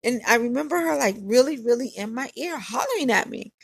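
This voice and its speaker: A woman's voice: on the high side, expressive, fairly quick, gravelly, husky, dry recording. A woman casually telling a personal story in a candid, conversational way, often repeating phrases for emphasis.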